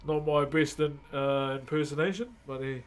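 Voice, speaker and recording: A man's voice: on the high side, steady tone, normal speed. A man, chatting casually on a live stream and thanking viewers as he works. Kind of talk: casual live-stream chat while working.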